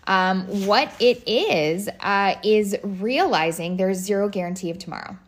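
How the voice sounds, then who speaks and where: A woman's voice: medium pitch, lively intonation, unhurried. A woman in her thirties hosting a podcast, chatting casually with lots of fillers and restarts. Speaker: podcast host. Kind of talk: casual solo podcast talk.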